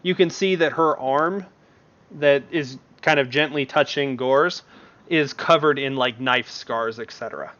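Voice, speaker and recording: A man's voice: medium pitch, unhurried, fairly bright tone. Male game master, casual rambling narration; lo-fi muffled recording. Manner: rambling, many fillers.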